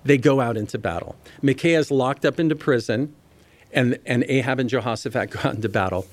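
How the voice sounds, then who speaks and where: A man's voice: mid-range voice, brisk, no echo. Male pastor, bible teaching sermon, reads passages then talks them through, speaks straight to the congregation, dry close sound. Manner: conversational, reads scripture and explains it, addresses listeners directly.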